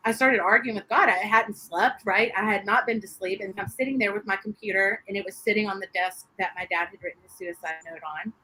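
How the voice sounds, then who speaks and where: Bright-voiced woman telling her story. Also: medium pitch, fairly quick, hardly any pauses, slight background noise, low-quality recording. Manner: animated storyteller, laughs often, acts out quotes. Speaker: interview guest. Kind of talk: personal faith testimony in an interview.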